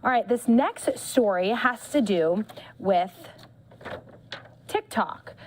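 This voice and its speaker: A woman's voice: mid-range voice, expressive, takes it slowly, slight background noise, low-quality recording. A woman news anchor presenting live in a chatty, loose way, with many fillers.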